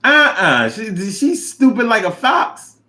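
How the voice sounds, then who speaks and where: A man hosting a casual livestream, reading viewer comments aloud and reacting with animated, chat. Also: takes it slowly. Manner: animated, drops to low mumble reading comments.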